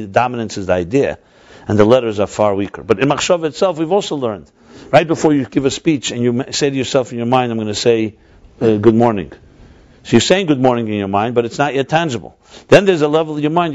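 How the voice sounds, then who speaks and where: A man's voice: mid-range voice, darkish tone, dull audio. A man teaching a religious class in a discursive lecture, often correcting himself mid-sentence and mixing in Hebrew and Yiddish terms. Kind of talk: explanatory lecture.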